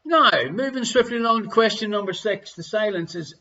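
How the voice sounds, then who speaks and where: An Irish man hosts a live online quiz from his living room, reading out questions and answers in a jokey, chatty way. His voice is high-pitched, bright, and forceful, he speaks fairly quickly, and the sound is lo-fi.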